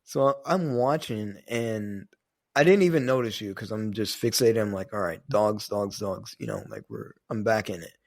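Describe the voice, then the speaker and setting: A man's voice: fairly low pitch, sing-song, normal speed, vocal fry. A man co-hosting a podcast, telling a story in a rambling, casual way, with many fillers and some swearing. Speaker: podcast co-host.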